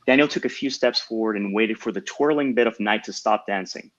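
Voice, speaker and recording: A man who hosts a panel, reading a passage of his own novel aloud in a steady storytelling manner. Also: on the low side, a little fast, no echo. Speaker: host and author. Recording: dull lo-fi mic, dry.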